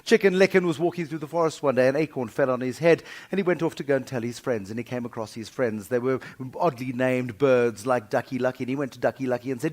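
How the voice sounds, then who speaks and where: A man's voice: medium pitch, fast, hardly any pauses, a little mellow. A middle-aged South African man giving a humorous keynote, telling stories with wry, dramatic swings in volume. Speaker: keynote speaker. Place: conference breakfast venue.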